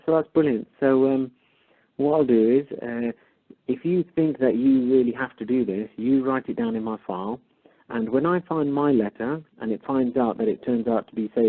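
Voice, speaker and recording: Husky man on a phone line. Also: medium pitch. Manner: retells a phone call, acting out both sides. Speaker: caller. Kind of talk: casual storytelling.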